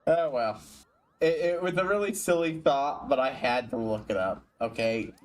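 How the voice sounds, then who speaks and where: A man's voice: medium pitch, normal speed. A man streaming a video game, chatting casually, often swearing and stumbling over his words. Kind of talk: casual gaming commentary.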